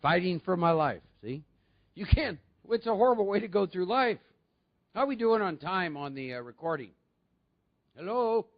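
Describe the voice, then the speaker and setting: A man speaks to a recovery meeting in a conversational way and often asks his listeners questions. His voice sits high and has a gravelly edge. The recording sounds dull and lo-fi. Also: animated, moderate pace.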